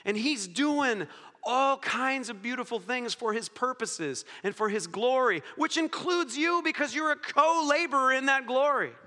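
A man preaching a sermon in a lively, joking storytelling manner, speaking in a church hall. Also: very high voice. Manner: lively storytelling, jokey, chuckles. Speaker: pastor. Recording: long hall reverb.

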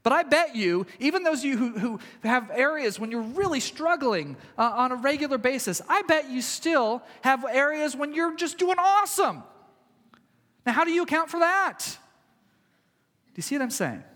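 A male pastor preaching a sermon in a conversational way, swinging from loud emphasis to hushed, quiet passages. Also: very high voice, animated, normal speed, in a large hall.

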